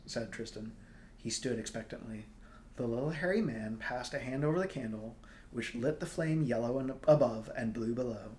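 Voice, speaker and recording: A man reads a fantasy novel aloud in a mid-pitched, even voice. He moves at an unhurried pace, clearing his throat now and then and fixing small slips as he goes. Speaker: storybook reader.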